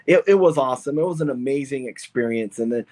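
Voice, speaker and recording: A man who owns and drives a funny car, telling stories in an excited, rambling way with lots of restarts on a podcast. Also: medium pitch, quick pace. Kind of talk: podcast interview, casual storytelling.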